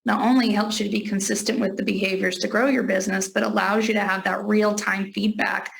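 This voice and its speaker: A woman's voice: medium pitch, fairly even intonation, a little fast, creaky, low-quality recording. A woman hosting an interview, affirming her guest and asking follow-up questions. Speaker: interview host. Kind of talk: conversational interview.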